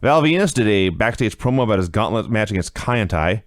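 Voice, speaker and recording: A man co-hosting a casual podcast, recapping wrestling with sarcastic, animated commentary. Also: on the low side, fairly quick, no room sound, clean studio sound. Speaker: podcast co-host reviewing wrestling.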